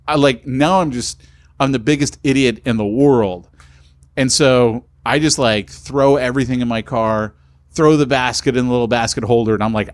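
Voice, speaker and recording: A man's voice: medium pitch, moderate pace. A man co-hosting a podcast, telling a story in casual chat and acting out both sides of the conversation. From California. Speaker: podcast co-host.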